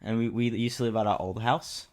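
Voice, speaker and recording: A young man from Australia co-hosting a casual podcast, telling stories in an animated, swearing way. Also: fairly low pitch, fairly quick. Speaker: podcast co-host. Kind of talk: casual chat.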